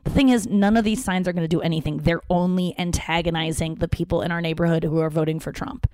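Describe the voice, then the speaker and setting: A woman's voice: on the low side, fast, few pauses, a little mellow, dry recording. A woman hosting her own show, talking casually and candidly in a rambling monologue, swearing freely and often restarting her sentences. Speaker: podcast host.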